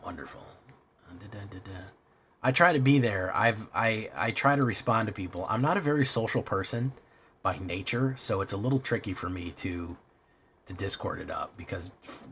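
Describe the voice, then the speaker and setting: Low-voiced man chatting on a stream. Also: a little fast, creaky, fairly bright tone, slight background noise. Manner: rambling, self-deprecating, swears often. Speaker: streamer playing a card game. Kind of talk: casual live-stream chat.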